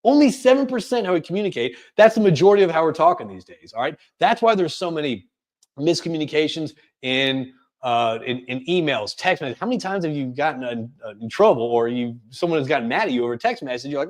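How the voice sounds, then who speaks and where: A man presenting a career coaching webinar, talking quickly and energetically with frequent restarts. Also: a little high. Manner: fast, energetic delivery with many restarts. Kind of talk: webinar talk.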